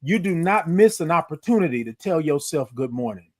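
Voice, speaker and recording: A man hosting a morning livestream from his phone, chatting with viewers, reading out their comments and stretching his good-mornings into long singsong calls. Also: a little high. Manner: animated, drawn-out singsong greetings, reads out viewer comments. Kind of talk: upbeat live-stream chat greeting viewers.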